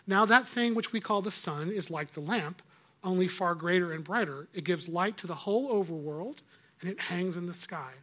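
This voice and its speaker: Earnest young prince, a guy reading him, patient, a little high and loud. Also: normal speed.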